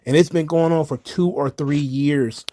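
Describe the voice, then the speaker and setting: A man's voice: a little high, steady tone, moderate pace, dark tone, no room sound, studio quality. A man hosting a casual wrestling recap, ranting in an exasperated, profane way. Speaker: wrestling commentary host.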